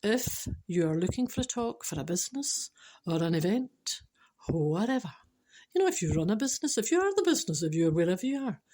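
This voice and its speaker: Her medium-pitched voice is darkish and sing-song, and she talks fast. She's a Scottish storyteller and casual joker, chatty and dry-witted, who keeps restarting and laughing at her own lines.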